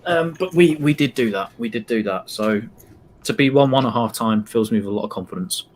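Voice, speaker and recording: A man's voice: mid-range voice, animated, brisk, slight background noise. A man co-hosting a live football watch-along, talking in a rambling, hesitant way. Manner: rambling, hesitant, lots of plugs. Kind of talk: casual live stream chat.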